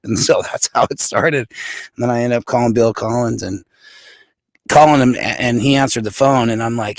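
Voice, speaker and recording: A man's voice: mid-range voice, a little fast, no room sound, studio quality. A middle-aged man from Montana, a guest on a podcast, telling a story with lots of energy and acting out the quotes. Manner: energetic, animated storyteller who acts out quotes. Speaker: podcast guest, pro arm wrestler. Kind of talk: casual storytelling interview.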